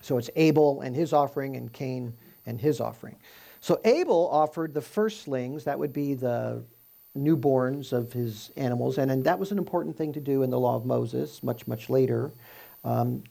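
A man teaches from scripture in a relaxed, conversational way, working through the text verse by verse and posing rhetorical questions to his listeners. His voice is gravelly and husky, with a warm, mellow tone. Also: medium pitch, normal speed. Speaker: Bible teacher.

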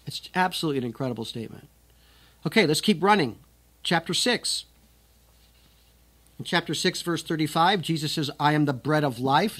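A male Bible teacher with a slightly raised voice works through passages one by one. He leans hard on each quoted verse. Between the readings he talks plainly and directly. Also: on the high side. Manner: reads verses with loud, raised emphasis, then explains conversationally. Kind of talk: scripture teaching.

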